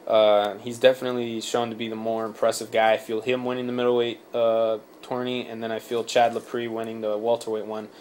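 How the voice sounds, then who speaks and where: A man's voice: mid-range voice, monotone, fairly quick, hardly any pauses, a little mellow, a little hiss or hum. A man hosting a casual sports podcast, rambling with many fillers, swearing and laughing often. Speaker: podcast host. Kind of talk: casual chat.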